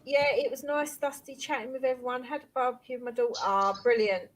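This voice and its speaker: A woman's voice: high-pitched, fairly even intonation, fast, very noisy. An older woman hosting a live chat stream, chatting casually with panel guests and thanking viewers. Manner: chatty, warm sign-off thanks.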